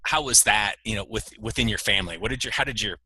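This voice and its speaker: A man's voice: fairly low pitch, fast, pushed and bright, breathy edge. A man hosting a casual interview podcast, who asks curious, rambling questions full of fillers. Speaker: podcast host.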